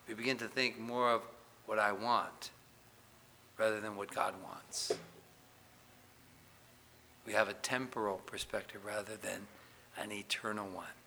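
A man's voice: lowish voice, flat delivery, unhurried, creaky, pauses often, a little hiss or hum. A man preaching a sermon as pastor, asking the congregation questions and reading Scripture aloud with rising force. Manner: emphatic preaching, rising loud on questions and Bible quotes.

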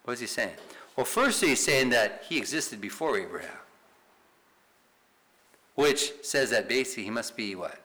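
A man's voice: mid-range voice, expressive, normal speed, pauses often, sharp tone, rough recording. A man teaching a Bible study in sermon style, emphatic, asking rhetorical questions and tagging points with "right?".

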